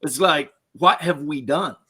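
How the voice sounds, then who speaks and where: A man's voice: on the high side, measured pace, pushed and bright, slightly rough. A middle-aged man, a podcast host, giving his opinions in a blunt, crude, casual chat and laughing at his own stories.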